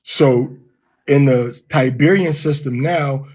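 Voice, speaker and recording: A man giving an informal lesson, explaining step by step and sounding words out slowly. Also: mid-range voice, darkish tone, husky. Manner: explains step by step, reads verses aloud slowly. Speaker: Hebrew teacher.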